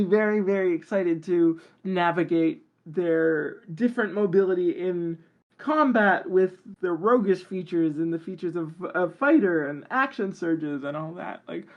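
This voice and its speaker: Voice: mid-range voice, highs cut off. A guest on a tabletop game podcast, talking casually and enthusiastically and rambling with lots of fillers. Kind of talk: casual interview chat.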